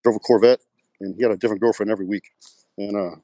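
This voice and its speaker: Fast-talking Texan man, low voice. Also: steady tone, warm tone, no echo. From West Texas. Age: middle-aged. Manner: rambling anecdotes with many fillers, acts out quoted dialogue. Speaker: guest, pro bodybuilder. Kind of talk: casual storytelling interview.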